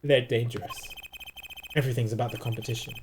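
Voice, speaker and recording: A man's voice: medium pitch, steady tone, fast talker, background noise, lightly acted. A man reading the lines of a dry, wry male defense attorney from a video game, narrating in an understated way. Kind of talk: reading game dialogue aloud.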